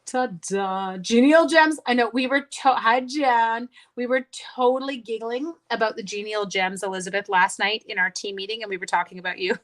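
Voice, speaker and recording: A woman's voice: on the high side, moderate pace, few pauses. Chatty woman hosting a crafting livestream. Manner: chatty, self-talking while crafting, talks to viewers. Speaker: card-making livestream host. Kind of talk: casual livestream crafting chat.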